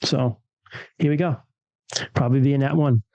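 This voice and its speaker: A man's voice: medium pitch, steady tone, moderate pace, dark tone, dry recording, muffled recording. A man chatting casually with fellow players in a rambling, easygoing way. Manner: rambling, easygoing, lots of filler words. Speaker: player and co-host. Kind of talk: casual chat among players.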